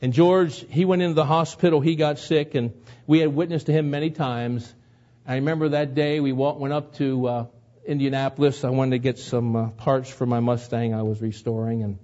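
A man's voice: mid-range voice, fairly even intonation, moderate pace, warm tone, dull audio. A man preaching a sermon, telling a personal story in an earnest way that builds to emotional moments. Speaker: pastor.

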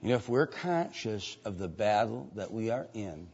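An older man preaching a sermon and reading scripture aloud. He moves between loud, emphatic preaching and quiet asides. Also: lowish voice, animated, normal speed, a little hiss or hum. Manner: reads scripture aloud in old-fashioned wording. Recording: dull lo-fi sermon recording.

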